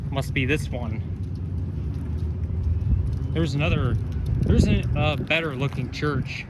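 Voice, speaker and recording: A man narrates an outdoor walk in an unhurried, rambling way, often correcting himself. He sounds a little out of breath. Cars and street noise carry clearly behind his voice. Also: on the high side. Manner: rambling, self-correcting, chatty. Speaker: vlogger. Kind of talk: casual walking commentary. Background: traffic and street noise.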